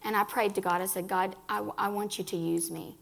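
An earnest woman gives a personal faith testimony to a gathering of women, speaking right to them. Her voice carries a gravelly fry, and she restarts phrases as she talks. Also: medium pitch, steady tone, fairly quick, a bit bright. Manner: earnest, addresses listeners directly, restarts phrases.

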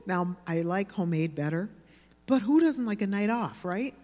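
A woman teaching a sermon to women, with earnest, lively storytelling. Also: fairly low pitch, normal speed, in a large hall.

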